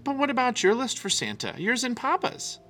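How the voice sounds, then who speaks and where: Man putting on a high little girl cub, eager, pleading, bouncing pitch, storybook. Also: huge pitch swings, brisk, sharp tone, faint music behind, heavily acted. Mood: nervous.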